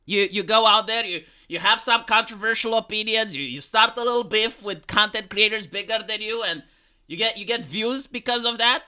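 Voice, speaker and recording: A man's voice: high voice, normal speed, pushed and bright, clear, resonant tone. A man hosting a casual reaction commentary, rambling and sarcastic, swearing freely and restarting his sentences often. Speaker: YouTube commentary host.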